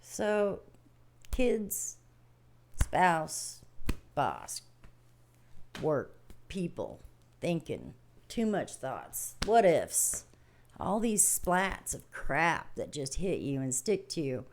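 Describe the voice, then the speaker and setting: A middle-aged woman hosts a livestream, giving a casual, folksy spiritual talk in plain words that rambles, repeats itself, and breaks into frequent laughs. Her voice sits low with a darkish tone and swings hugely in pitch. She speaks very slowly with long pauses, and there's a slight hiss or hum in the background.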